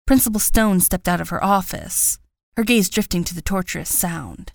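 Woman narrator for a first-person audiobook; lower register, wry understated read, dry studio sound. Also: moderate pace, vocal fry, no echo.

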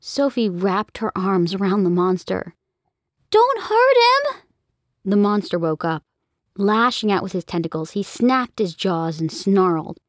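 A woman narrating a children's story in an expressive, storytelling manner, on a close studio mic. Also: mid-range voice, moderate pace, no room sound. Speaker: audiobook narrator.

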